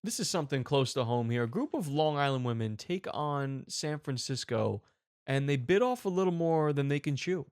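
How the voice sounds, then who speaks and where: Guy hosting a comedy show, rambles and riffs, mid pitch, dry mic. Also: moderate pace, clear, resonant tone, dry recording. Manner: rambling, animated storytelling. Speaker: show host. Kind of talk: comedic commentary.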